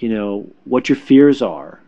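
A man who works as a spiritual healer, giving casual spiritual advice in a reassuring, halting way, with repeated words and fillers. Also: medium pitch, expressive, mellow, lo-fi sound.

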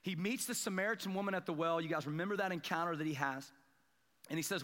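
High, bright-voiced preacher man. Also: fast talker, in a large hall. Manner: storytelling, self-deprecating, rising to excited emphasis. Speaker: pastor. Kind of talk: sermon. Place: church sanctuary.

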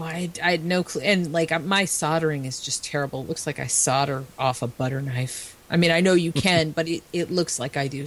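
A woman co-hosting a casual podcast chat, frank and swearing, laughing as she talks. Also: sits low. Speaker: podcast co-host.

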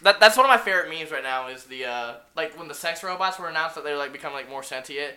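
A woman with a bright, ringing voice trades crude jokes on a podcast, with a slight stutter. Her pitch leaps up and down as she riffs and does impressions. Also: animated, quick pace. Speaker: podcast co-host. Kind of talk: casual podcast banter.

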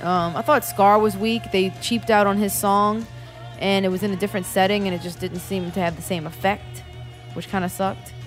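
A woman chatting casually about a movie, animated and swearing a lot as she acts out scenes. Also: medium pitch, normal speed, soft background music. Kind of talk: casual chat, movie review.

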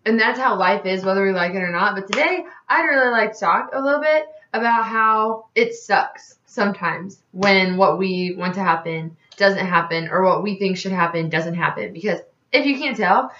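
A woman's voice: medium pitch, normal speed, hardly any pauses, fairly bright tone, a little hiss or hum. A young woman hosting a podcast, talking frankly and rambling, upset and close to tears. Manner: rambling and frank, heavy use of "like". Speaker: podcast host. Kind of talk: candid casual vlog talk. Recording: roomy, dull lo-fi sound with faint music.

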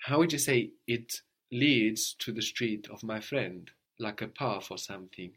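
A man teaching a language lesson, patiently modeling phrases slowly and coaxing his student. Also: on the low side, fairly bright tone.

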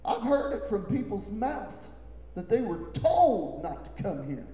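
Emphatic preacher in an echoing church. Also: male voice, sing-song, measured pace. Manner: emphatic, repetitive, swinging between low murmurs and shouts. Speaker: pastor. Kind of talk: sermon. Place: church sanctuary. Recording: echoey hall with long reverb.

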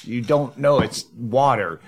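A man's voice: mid-range voice, measured pace, gravelly, slightly rough. Man chiming in with casual asides. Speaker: podcast guest. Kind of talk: casual chat.

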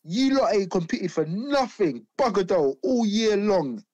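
High-voiced young man insisting. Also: big pitch swings, measured pace, dark tone, no room sound, dull audio. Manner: insistent, keeps cutting in with no no no. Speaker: podcast co-host. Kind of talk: casual football banter.

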